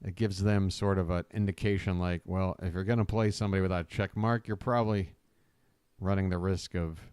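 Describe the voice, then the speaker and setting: A man streaming a game live, griping, trash-talking his opponent and complaining about his bad luck in a casual, animated way. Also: low-pitched, fairly quick, smooth, no echo. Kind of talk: casual live-stream commentary while gaming. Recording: loud music playing behind. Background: loud music.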